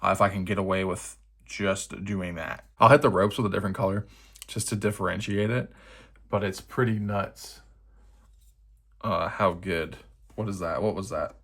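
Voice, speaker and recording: A man's voice: sits low, fairly even intonation, moderate pace, a bit bright. A young man chatting casually while he paints a miniature at his desk, thinking aloud and poking fun at himself. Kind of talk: casual narration over a painting session.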